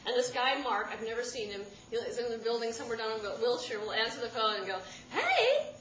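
A woman in her thirties telling a comic personal story to a live audience, rambling and self-deprecating, with sudden loud outbursts. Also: on the high side, fairly even intonation, quick pace. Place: stage in a room with a live audience. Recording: roomy live room with background noise.

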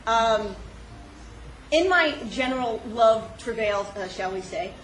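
A woman telling a personal story with animated delivery, frequent laughs and many fillers. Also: a little high, slow. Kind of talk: personal story told on stage. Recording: echoey room with noise.

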